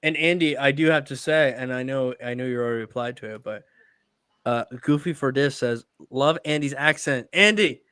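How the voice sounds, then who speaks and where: A man hosting a live stream, critiquing tattoos in casual chat with sudden excited bursts. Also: moderate pace, smooth, no room sound, studio quality. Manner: animated, rising to high excited bursts. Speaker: tattoo artist and show host.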